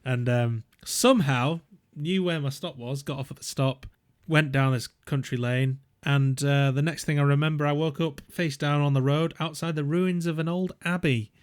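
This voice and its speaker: A man's voice: on the high side, fairly even intonation, normal speed, hardly any pauses, smooth. A young man, co-hosting a podcast and telling rambling stories in a casual chat, full of "um"s and swearing. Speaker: podcast co-host.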